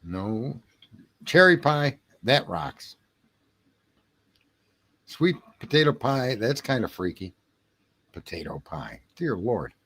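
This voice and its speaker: A man's voice: on the low side, sing-song, takes it slowly, long pauses, pushed and bright, slightly rough. A man hosting a late-night livestream, chatting casually and profanely with his viewers. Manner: rambling, profane, jokey banter with chat. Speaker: livestream host reading chat.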